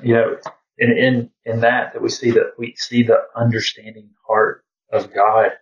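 A man's voice: on the low side, little pitch movement, moderate pace. A man leading an informal Bible study, talking in a reflective, conversational way and often saying "you know". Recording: distant, dull lo-fi sound.

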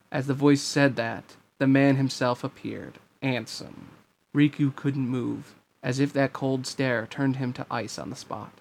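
A man reading a novel aloud in a steady, earnest narration. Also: medium pitch, a little slow, vocal fry, a little hiss or hum. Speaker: reader of a fan story.

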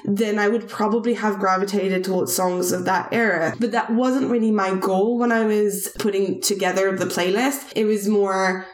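A woman's voice: medium pitch, fairly even intonation, normal speed, few pauses. A woman in her thirties with a non-native English accent, co-hosting a podcast in casual chat and rambling with many fillers and restarts. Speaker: podcast co-host. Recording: roomy echo.

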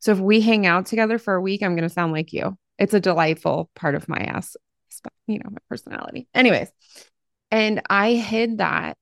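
A middle-aged woman from Appalachian Ohio hosts a podcast interview, warm in her words and quick to gush. Her voice sits mid-pitch with a gravelly fry. The recording is close and dry. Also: dry recording. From Southern Ohio, Appalachia. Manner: effusive and expressive. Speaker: podcast host. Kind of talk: conversational interview.

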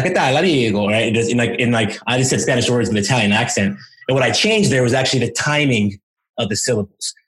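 A man's voice: mid-range voice, fairly bright tone. A man answering interview questions as a language coach, explaining with enthusiasm and demonstrating sounds aloud.

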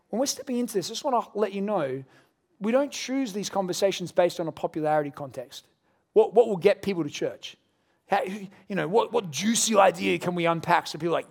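A man's voice: high-pitched, vocal fry. A man in his thirties, a pastor preaching a sermon with casual storytelling and self-deprecating humour. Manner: prays in a quiet, slow, reverent voice.

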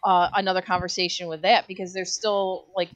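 A woman's voice: lowish voice, flat delivery, fairly quick, dull audio. A woman co-hosting a podcast in casual chat, keeping the conversation on track with a hesitant, filler-heavy way of talking. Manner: steers the talk, hesitant with fillers. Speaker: podcast co-host.

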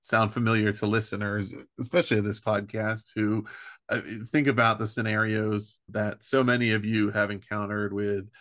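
A man hosting a podcast interview, talking in a thoughtful, measured way. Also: on the low side, level tone, a bit bright, dry recording, clean studio sound. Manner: thoughtful, measured, with fillers like "right" and "you know". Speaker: podcast host.

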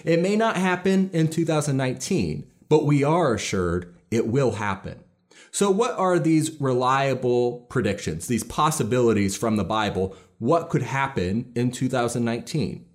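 A man preaching a sermon in a middle-pitched voice. He speaks earnestly and leans hard on key lines as he builds each point. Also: animated, normal speed. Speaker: pastor.

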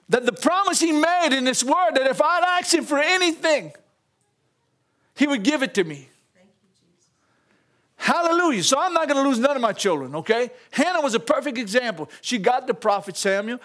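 A man's voice: extremely high pitch, fairly bright tone. An older man preaching a folksy sermon, chuckling often and calling out to the congregation.

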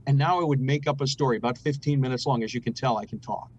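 A man's voice: medium pitch, animated, fairly quick, slightly rough, lo-fi sound. A middle-aged man, a radio host and guest, telling family stories in an earnest, preachy way during a casual conversation.

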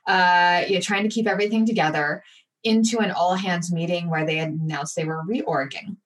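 A woman guest in an interview, telling a personal story candidly and with animated, acted-out asides. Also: on the low side, a little fast, recorded from a distance. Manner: candid, animated retelling with acted-out inner voices.

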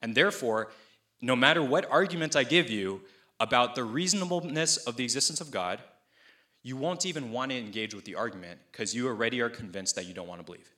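A young man preaching a sermon in a conversational, animated way, acting out the people he quotes with playful asides. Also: mid-range voice, brisk. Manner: acts out voices of people he quotes. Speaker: pastor.

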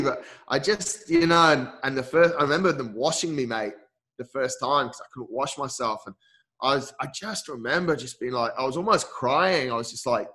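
With a mid-range, fairly bright voice, this man shares a personal story while being interviewed. He's an endurance coach who talks with candor and sincerity, dropping "mate" a lot and frequently starting his sentences over.

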